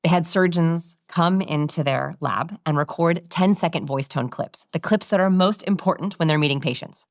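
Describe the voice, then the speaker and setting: Low voiced woman researcher, animated interview talk, dry close mic. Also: normal speed, few pauses, no room sound. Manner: animated, demonstrating vocal examples. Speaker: communication researcher and guest. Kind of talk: expert interview explanation.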